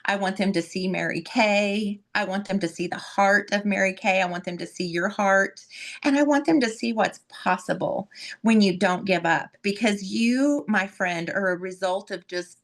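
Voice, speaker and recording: A woman's voice: medium pitch, moderate pace. A woman host giving an effusive, heartfelt introduction of a guest, often repeating words as she gets emotional.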